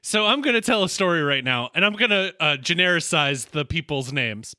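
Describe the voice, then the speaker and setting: Playful man co-hosting a casual podcast, high animated voice, joking and rambling. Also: a little fast, no echo. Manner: playful, joking, tells stories with many restarts. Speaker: podcast co-host. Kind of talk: casual chat.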